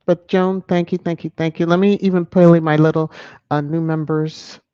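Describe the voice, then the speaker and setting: A woman's voice: deep voice, steady tone, moderate pace, mellow, smooth, no room sound. A woman hosting a live stream in casual chat, thanking viewers by name. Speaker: YouTube live stream host. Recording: dull lo-fi dry sound.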